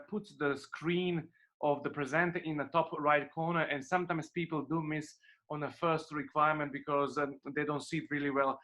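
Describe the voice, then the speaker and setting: A man's voice: on the high side, fairly bright tone. A man hosting an online class over a video call. He welcomes everyone, leads a prayer, and often repeats phrases with many fillers. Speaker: online event host. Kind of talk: welcoming host with an opening prayer.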